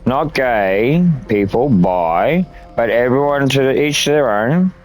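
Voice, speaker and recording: Australian male gamer, young, crude running commentary, swears a lot, mid-pitched. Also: lively intonation, slow pace, soft background music. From Northern Territory, Australia. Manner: crude, swears freely, rambling asides. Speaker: gaming streamer. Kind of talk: casual gameplay commentary.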